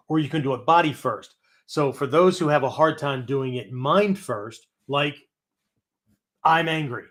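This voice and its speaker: A man hosting a martial arts philosophy show, teaching in a loose, conversational way that tags nearly every point with "right?" or "okay?". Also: mid-range voice. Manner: acts out angry voices and breathing as demonstrations. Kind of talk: casual teaching talk.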